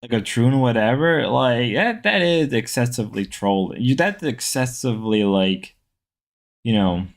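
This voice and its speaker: Guy rambling on his livestream, repeats himself a lot, talks to chat, middle pitch. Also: animated, measured pace. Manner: rambling, repeats words, chatty. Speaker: livestream host. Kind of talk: casual livestream chat reading viewer comments.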